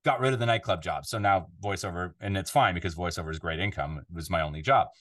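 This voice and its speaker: A man's voice: sits low, quick pace. A Canadian man who works as a voiceover artist, chatting casually as a podcast guest from his home studio, rambling and restarting his sentences. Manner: rambling, restarts often, animated when telling stories. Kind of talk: casual interview chat. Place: home recording studio control room.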